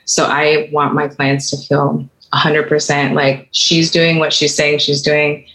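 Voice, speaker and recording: A woman's voice: sits low, little pitch movement, a little slow, a bit bright, poor audio. A woman attorney who is a guest on a podcast, chatting frankly and casually with lots of fillers. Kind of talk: casual interview chat.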